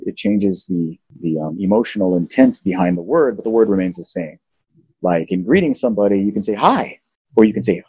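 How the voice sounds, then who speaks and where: Husky low-voiced man, playful teacher. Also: dark tone, no room sound, highs cut off. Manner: playful, teaching, sings out tones. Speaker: podcast host. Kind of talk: casual chat, explaining language.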